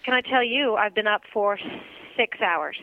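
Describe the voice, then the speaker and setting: A woman's voice: medium pitch, normal speed, dry recording. A woman co-hosting a podcast in casual chat, bubbly and teasing, laughing often. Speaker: podcast co-host and radio morning show host. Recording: tinny phone-like line.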